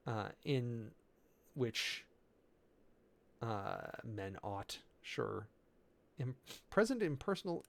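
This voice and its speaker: A man preparing a sermon in a loose, halting way, working through Greek words with many fillers and self-corrections, amused by the details. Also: medium pitch, gravelly. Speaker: preacher.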